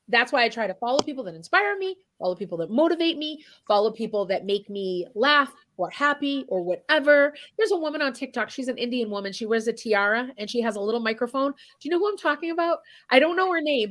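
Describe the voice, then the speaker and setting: A woman's voice: a little high, animated, brisk, a bit bright. A woman talking as an interview guest, blunt and emphatic, swearing freely as she speaks her mind. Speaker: guest chef and singer. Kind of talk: candid interview talk.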